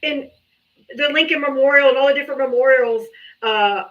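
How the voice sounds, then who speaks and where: A woman hosting a live political call-in stream, talking bluntly and profanely in animated, casual storytelling. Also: high voice, moderate pace. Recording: slightly dull lo-fi stream audio.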